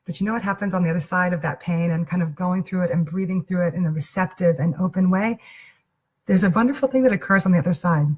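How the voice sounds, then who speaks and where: Woman, spiritual teacher, breathy husky voice, earnest and intimate, restarts and repeats phrases, reflective storytelling. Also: lowish voice, quick pace, a little mellow.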